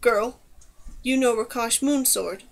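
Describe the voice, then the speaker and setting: A woman's voice: on the high side, slow pace, vocal fry. A woman reading an audiobook voices a haughty immortal male Stormwing with a sneering, imperious manner. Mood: demanding.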